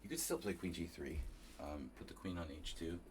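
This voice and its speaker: Low-voiced guy streaming chess, thinking out loud, chatting w viewers, faint room noise. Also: brisk. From New Jersey. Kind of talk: casual live commentary while playing.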